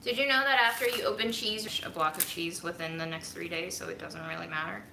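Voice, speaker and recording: A woman's voice: lowish voice, fairly quick, creaky, echoey room, background noise. A woman vlogging in her home kitchen, chatting casually and rambling with self-mocking humor to her viewers. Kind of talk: casual chat to a livestream audience.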